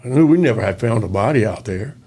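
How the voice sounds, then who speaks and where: A man's voice: medium pitch, animated, fast, dark tone. An older man, a former police officer telling a story in a casual interview, acting out the dialogue. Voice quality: gravelly. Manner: folksy, acts out dialogue in quoted voices.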